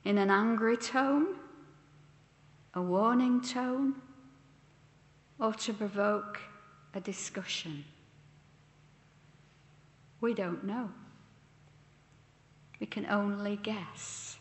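Woman preacher, unhurried sermon delivery, asks questions of her listeners, roomy hall with a long echo. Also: mid-range voice. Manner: slow, deliberate, posing questions to listeners. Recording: echoey church hall with long reverb.

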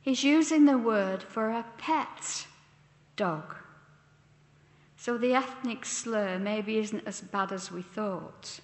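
A woman preaching a sermon, speaking slowly and deliberately and posing questions to her listeners. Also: a little high. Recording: echoey church hall with long reverb.

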